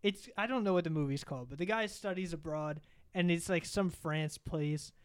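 A young man in casual podcast chat, rambling through a profane, animated story. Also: a little high, moderate pace, clear, resonant tone.

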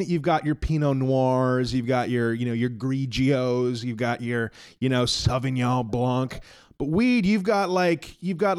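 A man in his thirties co-hosts a laid-back podcast, rambling from joke to joke. His voice sits at an ordinary middle pitch and talks easily. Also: darkish tone, clean tone. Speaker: podcast co-host. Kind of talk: casual chat.

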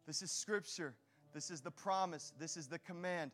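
A man preaching a sermon to his congregation, energetic and direct, with casual slang mixed into his preaching. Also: a little high, moderate pace. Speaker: pastor.

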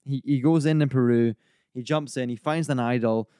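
A man eagerly telling film trivia as a podcast host, in an even middle-pitched voice with a dark, mellow tone. The sound is dry and close. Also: moderate pace, clean tone, dry recording. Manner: enthusiastic, trivia-led storytelling. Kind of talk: casual film chat.

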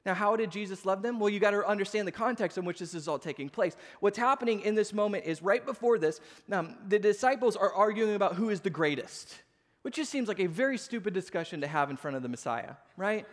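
A man in his thirties, a pastor, preaching a sermon with animated storytelling, acting out the voices of people in his stories. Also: sits high, quick pace. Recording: long hall reverb.

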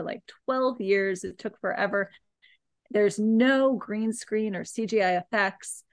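A woman co-host talks in a casual, animated way, piling on "like" as she tells a long story. Her pitch sits in the middle range. The recording is close and dry, with no room sound. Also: vocal fry, no echo. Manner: animated, chatty storytelling with lots of "like". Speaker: podcast co-host. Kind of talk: casual chat, recommending a film.

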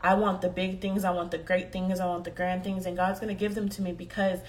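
A woman's voice: on the low side, flat delivery, brisk. A young woman giving a heartfelt motivational talk to her viewers, earnest and often repeating herself as she speaks. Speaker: vlogger.

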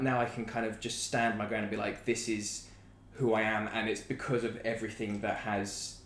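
Low-voiced young man in an echoey room. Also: steady tone, normal speed, few pauses. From south of England. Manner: reflective, candid storytelling with fillers. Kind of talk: casual chat. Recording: echoey room with faint background noise.

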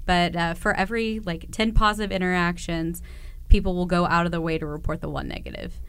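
A woman's voice: on the low side, steady tone, brisk, fairly bright tone, clean tone. A young woman co-hosting a podcast, talking thoughtfully with a few hesitations. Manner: thoughtful, a bit hesitant, with fillers. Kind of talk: casual podcast conversation.

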